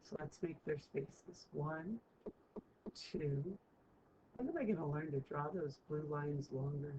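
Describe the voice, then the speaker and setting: Speaking slowly in a deep voice, a woman teacher leads students through a math lesson, chatting and checking in often with "right?". The audio is muffled and lo-fi, with a faint hiss.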